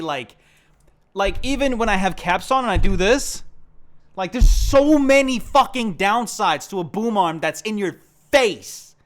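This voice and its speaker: A young man casually chatting on a live stream from his home setup, gushing and excitable and swearing freely. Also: sits high.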